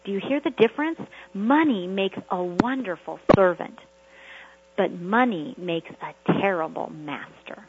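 A woman's voice: mid-range voice, unhurried, phone-quality sound, slight background noise. A woman preaching a motivational sermon to a group call, emphatic and repetitive, full of rhetorical questions. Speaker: prosperity preacher.

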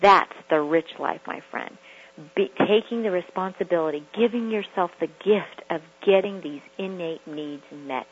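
Husky woman giving motivational radio talk. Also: on the low side, normal speed, hardly any pauses, muffled recording. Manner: emphatic, repeats phrases for effect.

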